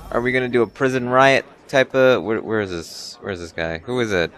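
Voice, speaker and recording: A man giving casual, joking gameplay commentary, excitable and swearing at the game. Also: mid-range voice, brisk. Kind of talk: casual let's-play commentary.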